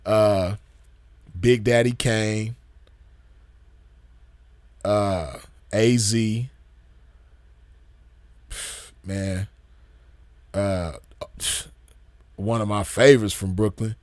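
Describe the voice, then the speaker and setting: A man hosting a gaming channel, chatting casually in an excited, slangy, profane way and repeating himself often. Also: lowish voice, extremely slow, pauses often, no room sound, studio quality. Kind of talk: casual chat.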